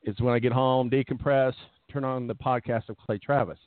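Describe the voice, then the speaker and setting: A man's voice: mid-range voice, steady tone, normal speed, dry recording. A man co-hosting a sports talk show, chatting casually and joking, rambling into asides. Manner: jokey, rambling, trails into asides. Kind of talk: casual sports radio banter. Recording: tinny phone-line sound, dry.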